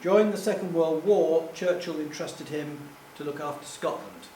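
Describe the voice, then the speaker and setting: A man's voice: a little high, moderate pace, dark tone. Rambling man in an echoey hall. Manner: rambling, self-deprecating, jokey. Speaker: public speaker. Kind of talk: anecdotal live talk. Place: hall with live audience. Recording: echoey room, distant mic, faint hum.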